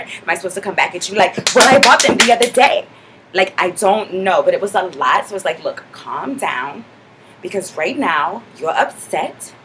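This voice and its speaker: A woman's voice: fairly low pitch, a bit bright, slight background noise. A woman playing a sassy, self-assured young clubgoer who chatters in a mock-indignant way, filling every sentence with "like.". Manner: chatty, filler-heavy with constant "like". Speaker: comedic character monologue. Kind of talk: character comedy vlog.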